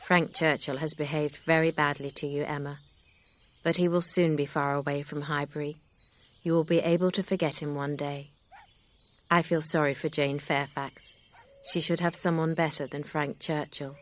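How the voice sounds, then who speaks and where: A woman reading the part of a kind, sincere older gentleman in an audiobook. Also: sits low, steady tone, normal speed, slight background noise, natural voice. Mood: earnest.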